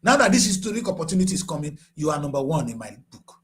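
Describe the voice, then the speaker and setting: A man in his sixties with a Nigerian English accent, giving impassioned political commentary that swings from grave and low to shouting. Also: big pitch swings, quick pace. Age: 60s.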